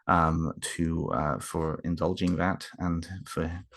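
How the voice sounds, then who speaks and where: A man unboxing books in a casual home vlog, talking haltingly with many fillers and restarts, moved and emotional. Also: low voice, flat delivery, fairly bright tone.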